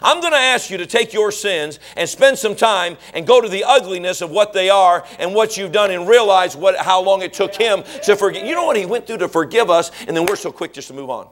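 A middle-aged man preaches a sermon in a fairly high voice. He quizzes his congregation with questions and climbs into shouted, animated stretches. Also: fairly quick, hardly any pauses. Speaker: pastor.

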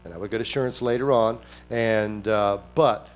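A man preaching a sermon at a church service, animated, acting out quoted voices and firing off rhetorical questions. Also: on the low side, normal speed. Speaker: pastor.

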